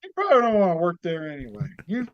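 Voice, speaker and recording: A cheery, rambling motivational speaker, as a comedian puts him on, dispensing wide-eyed life advice in a raised, smooth voice. The sound is dry and slightly dull, as if on a lo-fi podcast mic. He preaches optimism with goofy conviction. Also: high-pitched, wildly swooping pitch, fast talker, no echo. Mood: cheery preachy. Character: upbeat quirky male motivational speaker. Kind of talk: comedy character bit.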